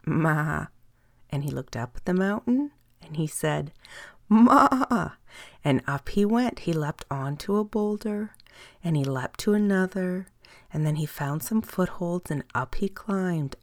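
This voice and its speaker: A woman telling a bedtime story in a soft, lilting way, slowing down and dropping to a whisper on some words. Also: lowish voice, no echo, clean studio sound.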